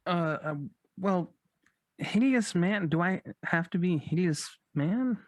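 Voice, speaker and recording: A man who takes offense easily and complains in a whiny, indignant way. His pitch jumps around a lot as he protests. The sound is dry and close. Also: expressive, slow pace, dry recording. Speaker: cast member reading a sketch. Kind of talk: scripted comedy sketch banter.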